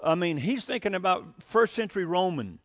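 A pastor delivers a sermon conversationally, his speech full of fillers, surging into emphatic bursts whenever he quotes scripture. His voice is high-pitched and fairly bright, with lively intonation at a normal speed.

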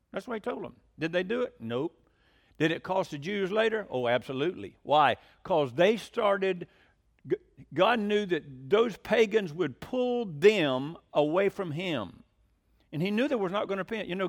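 Middle-aged male preacher, high voice, emphatic, conversational, questions the congregation. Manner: emphatic, swings between loud declarations and quiet asides. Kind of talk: sermon.

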